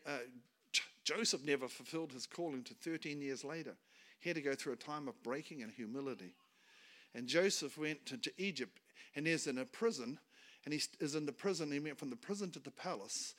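A man with a voice on the high side gives a sermon as a visiting speaker. He talks colloquially and with emphasis, in short bursts, alternating hushed speech with loud declarations.

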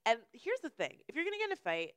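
She is a young woman co-hosting a casual conversation. Her voice is high with a bright, sharp edge, and her pitch leaps around as she tells stories, swearing and acting out neighbors in loud, high bursts. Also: fast. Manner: animated storytelling, loud high impressions of neighbors, swears freely. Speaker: podcast co-host. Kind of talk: casual chat.

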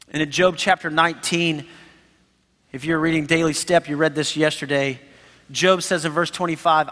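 High-voiced preacher in an echoey hall. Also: male voice, moderate pace. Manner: animated, conversational, acts out quotes. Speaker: pastor. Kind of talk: sermon. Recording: reverberant hall.

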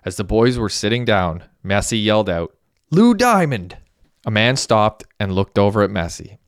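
A man reading a story aloud as a narrator, in a steady, even storytelling manner. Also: fairly low pitch, moderate pace, clear, resonant tone, no room sound, clean studio sound. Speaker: audiobook narrator. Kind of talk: scripted narration.

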